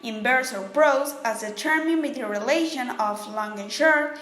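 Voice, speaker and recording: A woman narrating definitions in a class presentation, reading in a measured, deliberate way. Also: fairly high pitch, a bit bright, reverberant. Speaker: student presenter.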